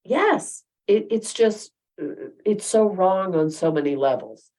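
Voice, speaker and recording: A woman's voice: medium pitch, animated, slow, mellow. A woman co-hosting a podcast, speaking in casual chat with emphatic, firm disapproval. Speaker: podcast co-host.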